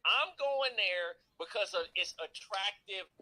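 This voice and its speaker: Bright, high-voiced man arguing his point. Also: animated, measured pace, low-quality recording. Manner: defensive, repeats himself. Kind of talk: casual talk clip.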